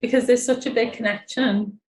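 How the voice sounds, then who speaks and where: A woman's voice: a little high, fairly even intonation, normal speed, a little mellow, echoey room, poor audio. A woman in a casual interview, speaking earnestly and reflectively.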